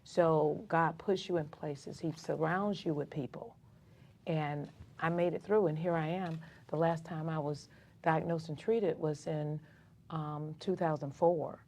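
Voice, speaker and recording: This Atlanta community activist has a deep voice and a measured pace. Telling her own story in a relaxed interview, she's an animated storyteller who performs the dialogue and voices of other people.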